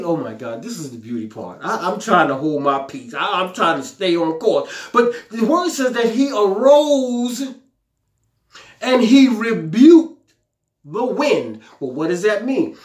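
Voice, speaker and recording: A man preaches in an echoey room, his high voice swinging widely in pitch at a slow pace. He delivers fervent exclamations, repeats what he says, and dramatizes the scripture by paraphrasing it aloud in a pleading voice.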